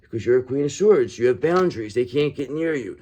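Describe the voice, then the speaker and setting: A man giving a casual, animated tarot reading, bluntly swearing and checking in with "okay?" after nearly every sentence. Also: mid-range voice, fairly quick. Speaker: tarot reader.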